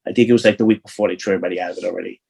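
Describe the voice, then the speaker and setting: A man's voice: sits low, steady tone, rapid-fire, creaky, darkish tone, breathy edge, rough recording. A man, an interview guest telling rambling, profane street stories full of restarts. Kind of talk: casual storytelling.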